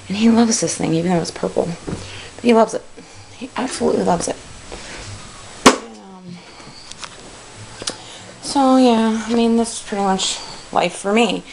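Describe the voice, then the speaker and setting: A woman's voice: mid-range voice, vocal fry. A young woman, a stay-at-home mom, chatting casually and a bit out of breath while tidying her child's bedroom, rambling and sighing between thoughts. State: out of breath, panting. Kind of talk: casual home vlog chat. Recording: noisy home-camera recording.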